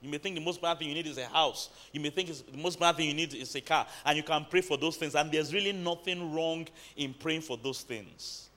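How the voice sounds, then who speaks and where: A man's voice: a little high, fast talker, hardly any pauses, sharp tone. A man preaching a sermon in a church, building to emphatic bursts and calling out to the congregation. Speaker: pastor.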